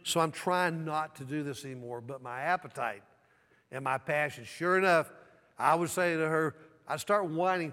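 Southern-raised preacher in a reverberant hall. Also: male voice, a little high, moderate pace, bright, forceful tone. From American South. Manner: storytelling preacher, call-and-response with congregation. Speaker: pastor. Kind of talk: sermon.

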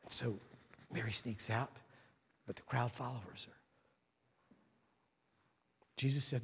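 A man preaching a sermon, telling stories and acting out the voices in them, moving from hushed whispers to loud, emphatic lines. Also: mid-range voice, measured pace, vocal fry, pauses often, husky. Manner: storytelling, acts out quoted voices. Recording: long reverb of a large hall.

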